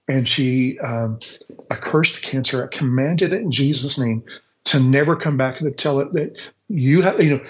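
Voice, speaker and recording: A man's voice: medium pitch, rough recording. Male guest, mid-range voice; earnest, faith-driven testimony with frequent restarts. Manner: earnest, repeats words as he searches for them; speaks with faith-filled conviction. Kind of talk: casual storytelling on a call-in show.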